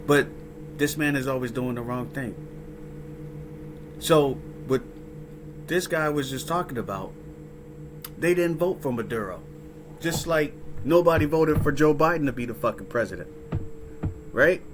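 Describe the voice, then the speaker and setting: A man with a medium-pitched, lively voice hosts a casual reaction to a clip, talking at a measured pace with frequent pauses over background noise. His commentary rambles and swears, and he often tacks "right?" or "huh?" onto his lines.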